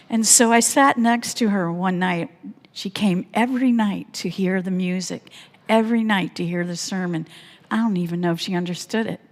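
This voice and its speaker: A woman pastor telling a personal story in a sermon, animated and laughing often as she speaks. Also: mid-range voice. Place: church sanctuary. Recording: long church hall reverb.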